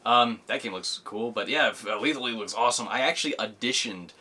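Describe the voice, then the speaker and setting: A man hosting a casual podcast chat, often laughing and telling stories with animated delivery. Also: medium pitch, quick pace. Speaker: podcast host.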